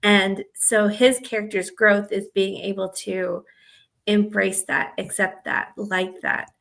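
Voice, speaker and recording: A woman's voice: mid-range voice, fairly even intonation, slow pace, gravelly, fairly bright tone. A woman who grew up in the American South chats about writing romance on a podcast. She rambles easily and leans on fillers as she thinks aloud. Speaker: podcast co-host and romance author. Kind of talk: casual chat.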